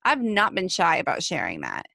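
A woman talks straight into the mic on her own podcast, earnest and emphatic, circling back to repeat her key words. Her voice has a gravelly fry to it, and the sound is close and dry with no room around it. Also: lowish voice, huge pitch swings, moderate pace, bright, forceful tone, no echo. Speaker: podcast host. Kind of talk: heartfelt solo podcast monologue.

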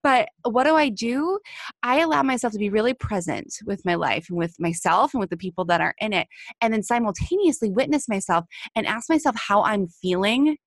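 Earnest woman podcaster with vocal fry. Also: mid-range voice, expressive, brisk, dry recording, studio quality. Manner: earnest, emphatic, repeats phrases for stress. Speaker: podcast host. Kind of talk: heartfelt solo podcast monologue.

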